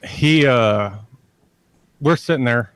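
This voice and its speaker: Slow, rambling male storyteller. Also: medium pitch, fairly bright tone, clear, resonant tone, no room sound. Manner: rambling, repeats himself and curses freely. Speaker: guest storyteller. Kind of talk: casual storytelling on a podcast. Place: lives near a large army base in Texas.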